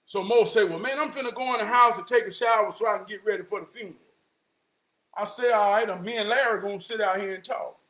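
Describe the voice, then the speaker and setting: A man telling a long casual story, animated, often shouting and slipping into the voices of his friends. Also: high-pitched, fast, reverberant.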